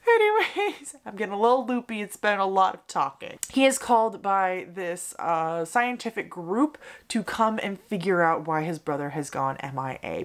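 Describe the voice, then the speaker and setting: A young woman talking casually about books she loved, chatty and expressive, gushing at times, in her apartment. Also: lowish voice. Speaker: book reviewer. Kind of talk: casual book review vlog.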